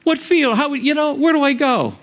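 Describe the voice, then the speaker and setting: A male pastor preaching a sermon in an animated, emphatic way. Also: normal speed. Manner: animated, emphatic, shifting pitch for quotes.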